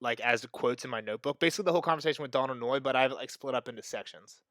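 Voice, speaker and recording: A man's voice: medium pitch, racing, fairly bright tone, dry recording, studio quality. A young man hosting a book podcast, chatting loosely and jokingly with plenty of fillers. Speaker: podcast host. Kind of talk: casual chat.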